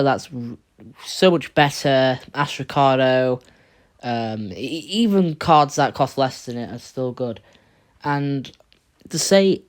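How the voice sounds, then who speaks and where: A man giving casual tier list commentary on a card game, rambling and blunt, often stumbling and restarting his words. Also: medium pitch. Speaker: card game video creator.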